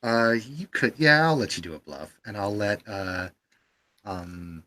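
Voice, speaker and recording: A man's voice: lowish voice, sing-song, a little slow, pushed and bright. A man narrating as game master, hesitant with many fillers.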